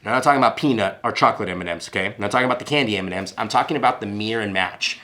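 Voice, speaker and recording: A man's voice: fairly low pitch, very fast, pushed and bright. A man giving a sales lesson straight to his viewers. He talks in short, punchy bursts and leans hard on each point, coming back to it again and again. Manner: emphatic, punchy, repeats key points. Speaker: sales coach. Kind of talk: coaching talk to camera.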